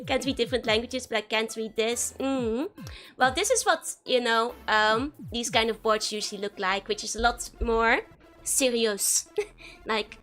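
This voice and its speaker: A woman's voice: high voice, expressive, takes it slowly, long pauses, fairly bright tone, faint music behind. A woman with a Dutch accent chatting casually on a stream, playful and laughing often. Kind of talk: casual live-stream chat.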